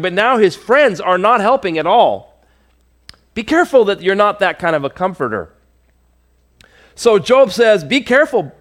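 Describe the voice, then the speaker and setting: A man's voice: sits high, fairly bright tone. A male pastor preaching a conversational, emphatic sermon to his congregation.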